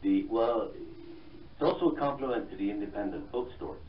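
Brief: Irish-born male guest author, very low voice, mixed accent, halting, heard from a distance in a roomy space. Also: highs cut off, slight background noise. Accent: mixed Irish, London and Canadian. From Ireland. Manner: halting, many fillers and restarts. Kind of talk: radio interview.

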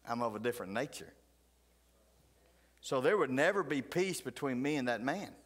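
A middle-aged man, a pastor telling folksy stories in a sermon, flaring loud, then dropping to hushed asides. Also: mid-range voice, animated, moderate pace, breathy edge. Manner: folksy, fiery, swings between loud outbursts and hushed asides. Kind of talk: animated storytelling sermon. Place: church sanctuary. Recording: church hall reverb.

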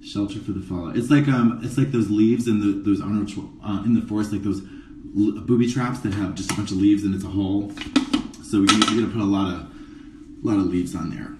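A man's voice: on the low side, steady tone, brisk, echoey room, distant mic, noisy background. A man doing a drag makeup tutorial in a casual live stream, campy and sarcastic with rambling asides, in a dressing room before a show. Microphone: phone camera, a bit away.

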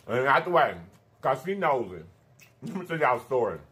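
A thirty-year-old man with a medium-pitched, very animated and slightly bright voice hosts a laid-back mukbang. He's chatty, drops long, drawn-out "honey" and "baby" asides to his viewers, and hums while eating.

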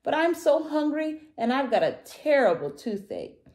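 A woman voicing a small, hungry boy dinosaur with a toothache, who whines and squeals loudly in a storybook read-aloud. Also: high-pitched, very animated, moderate pace, pitched above the performer's own voice. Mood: pained.

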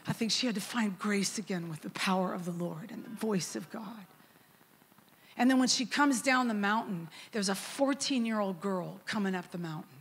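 A middle-aged woman preaching a sermon as a guest worship leader, telling a story in a lively, conversational way and acting out the quotes. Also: medium pitch, moderate pace, a little hiss or hum.

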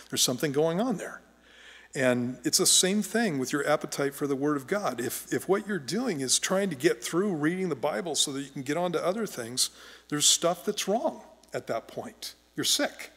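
A man's voice: on the high side, a bit bright, husky. A middle-aged man preaching a sermon as pastor, conversational and joking, often restarting his sentences. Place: church sanctuary. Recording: long church hall reverb.

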